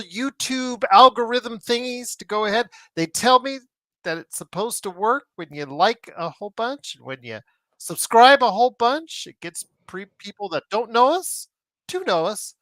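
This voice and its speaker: A man hosts a sports podcast, talking in a loose, rambling way and joking through plugs for the show. His pitch swings up and down freely. The recording is dry, with no room around the voice. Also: no room sound. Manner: rambling, animated, jokey plugs. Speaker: podcast host. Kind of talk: casual sports podcast chat.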